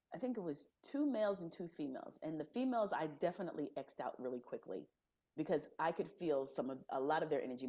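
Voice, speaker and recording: Woman, podcast guest, lowish voice, expressive pitch, casual storytelling, acts out quotes. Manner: animated, laughing storyteller who acts out quoted dialogue.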